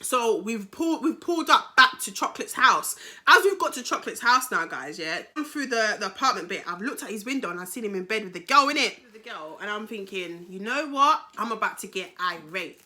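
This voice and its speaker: A young woman with a British accent tells a personal story in a casual storytime vlog, animated, slangy and full of swearing. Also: medium pitch, fairly quick. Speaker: YouTuber telling a story.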